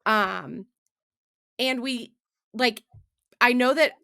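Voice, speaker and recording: Drawing out her words in a creaky, fairly high voice, a woman co-hosts a casual book-discussion podcast. She's animated, with plenty of fillers and restarts, and the studio recording carries no room sound.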